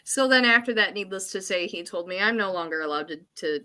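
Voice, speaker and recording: A woman co-hosts a relaxed podcast conversation. Her voice is bright and forward, at a middle pitch. She tells stories with a lot of animation, acting out her own reactions as she goes. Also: a little fast. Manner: animated storyteller who acts out her own panic. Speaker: podcast co-host. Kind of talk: casual chat.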